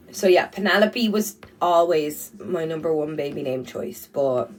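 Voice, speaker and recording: Irish woman, lowish voice, casual blunt livestreamer on a phone, faint music behind. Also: far from the mic, low-quality recording. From Ireland. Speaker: livestream host. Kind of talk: casual livestream chat reading comments.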